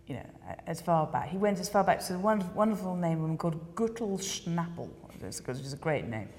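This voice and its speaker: An English woman with a slightly low voice tells a story in a casual interview, animated and full of little acted-out quotes. Her words trail off into a long, hall-like reverb. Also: brisk. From England. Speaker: documentary filmmaker guest.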